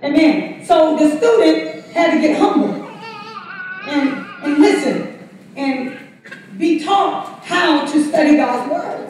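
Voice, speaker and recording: Woman, Bible study preacher, high voice, laughing conversational delivery, distant mic, very roomy church. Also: expressive, slow, long pauses, a little mellow, slight background noise. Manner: conversational, laughs often, calls for congregation response. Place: church sanctuary. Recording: very echoey room from far off.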